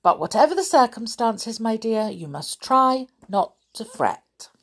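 Mum reading as a gentle patient mouse doctor, slow and breathy, storybook voice. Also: female voice, a little high, very animated, voice pushed up, exaggerated voice. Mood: reassuring. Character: kindly, reassuring male mouse doctor.

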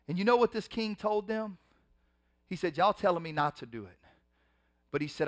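High-voiced preaching man with big swells. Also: expressive, a little fast, pauses often. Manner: preacher's swells, loud emphatic rises and hushed drops; colloquial, acts out biblical scenes in casual speech. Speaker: pastor. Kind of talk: sermon.

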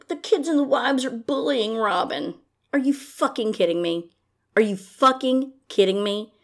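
A woman hosting a podcast, ranting in casual commentary, blunt and profane, now and then mocking someone in a high put-on voice. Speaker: podcast host.

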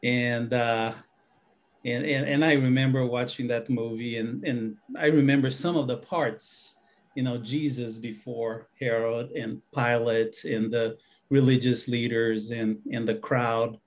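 Man, slow pace, halting, frequent restarts, casual conversation. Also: mid-range voice, steady tone. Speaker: guest. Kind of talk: casual discussion.

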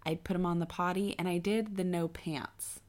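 Young woman with a lowish voice, chatty, jumps in with quick reactions on a podcast. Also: fairly even intonation. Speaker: podcast co-host. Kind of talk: casual chat.

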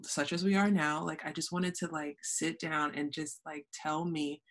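A woman's voice: low voice, steady tone, normal speed. A woman hosting a podcast, telling stories animatedly, acting out quotes and laughing often. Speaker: podcast host. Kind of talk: casual conversational interview.

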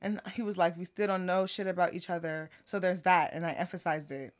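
A woman with a low-set speaking voice tells a story on a casual podcast. She acts out both sides of a text conversation in an animated, laughing way. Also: fairly quick. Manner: animated retelling of text messages, laughing often. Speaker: podcast co-host.

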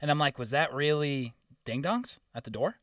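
A man's voice: fairly high pitch, moderate pace, no room sound, clean studio sound, far from the mic. A man telling a story in casual chat, swearing freely and acting out the quotes. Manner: profane, animated storytelling with acted-out quotes.

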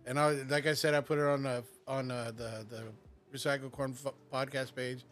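A man's voice: mid-range voice, little pitch movement, moderate pace, a bit bright, soft background music. A man co-hosting a casual podcast, chiming in with supportive and joking remarks. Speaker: podcast co-host.

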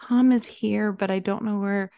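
A woman's voice: medium pitch, fairly even intonation, normal speed, gravelly, warm tone, clear, resonant tone. A woman co-hosting a podcast as a social worker, answering with brief, laid-back replies and dry humor. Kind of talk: casual chat.

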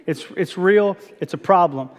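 A man's voice: sits high, moderate pace, in a large hall. A man preaching a sermon as pastor, telling a funny personal story with self-mocking asides. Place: church sanctuary.

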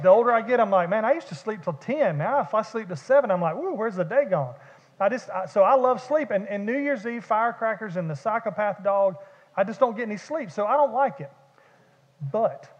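A man preaching a sermon as pastor, casual and joking at his own expense. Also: sits high. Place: church sanctuary. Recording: dull audio with long church reverb.

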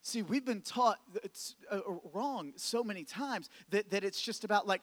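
A pastor with a high voice preaches a sermon at normal speed in a large hall. He addresses the congregation conversationally, full of rhetorical questions and repeated phrases.

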